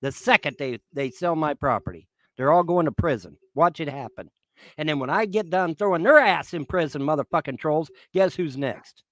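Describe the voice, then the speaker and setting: Man in his fifties, profane angry rant, high voice, swings wildly up and down, dry close sound. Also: animated, normal speed, a bit bright, no echo. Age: 50s. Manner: profane, threatening, repetitive. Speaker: livestreamer.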